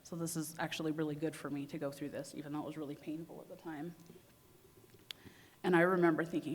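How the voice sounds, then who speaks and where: A woman's voice: sits low, flat delivery, quick pace, a little hiss or hum. A young adult woman giving a conference talk, telling a personal story and acting out her own inner voice with feeling. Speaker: conference speaker. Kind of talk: personal story told to an audience. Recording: long hall reverb.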